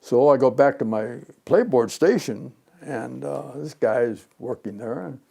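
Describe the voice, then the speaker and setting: A man in his nineties from Chicago, an interviewee and retired pinball designer telling memories in a rambling, animated way, acting out the voices of people in his stories. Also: mid-range voice, measured pace, creaky, husky. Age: 90s. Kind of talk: reminiscing storytelling.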